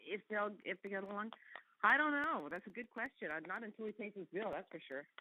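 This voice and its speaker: A woman's voice: mid-range voice, quick pace, phone-quality sound, a little hiss or hum. A woman, an actress guest on a talk show, chatting casually, laughing often and restarting her sentences. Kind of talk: casual interview chat.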